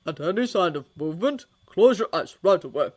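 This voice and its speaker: Old male headmaster wizard, done by a woman: measured, grave, unhurried, storybook. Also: on the low side, lively intonation. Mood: warning.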